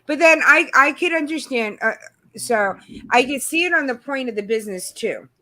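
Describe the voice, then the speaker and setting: A woman's voice: sits high, lively intonation, moderate pace, bright, forceful tone, no echo. Chatty woman hosting a livestream. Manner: rambling, many "you know" fillers. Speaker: channel host. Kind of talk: casual chat on a livestream.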